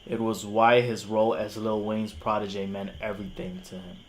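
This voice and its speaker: A man's voice: fairly low pitch, level tone, normal speed, slight background noise. A young man whose first language is Spanish, reviewing music on a live stream and arguing with a critic in casual slang. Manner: casual slang, incredulous and argumentative.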